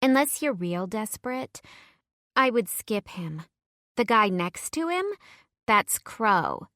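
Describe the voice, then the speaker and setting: A woman reading an audiobook, voicing a friendly, bubbly young woman at a biker party in a raised, brighter voice. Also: medium pitch, sing-song, slow, no room sound, clean studio sound, pitched above the performer's own voice, heavily acted. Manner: eager, chatty.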